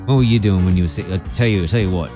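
A man's voice: low-pitched, racing. A man hosting a radio show, upbeat and chatty as he interviews a guest. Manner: upbeat, chatty, Aussie slang. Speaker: radio host. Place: radio studio. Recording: music playing clearly behind.

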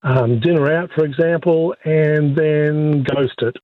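A man's voice: a little high, fairly even intonation, slow, dry recording. A man calling in to a radio show, talking with hesitation and many ums. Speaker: radio caller. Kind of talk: phone-in chat. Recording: tinny phone line.

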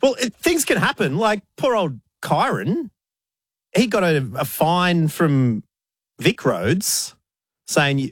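A man's voice: a little high, animated, moderate pace, dry recording. Exasperated Australian male storyteller. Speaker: co-host. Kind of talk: casual radio-style banter.

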